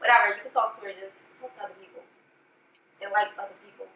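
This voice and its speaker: An actress playing a teasing, animated fashion model, catching up with her best friend. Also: mid-range voice, quick pace, distant mic, a little hiss or hum. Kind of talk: web series acting. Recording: very echoey room miked from afar.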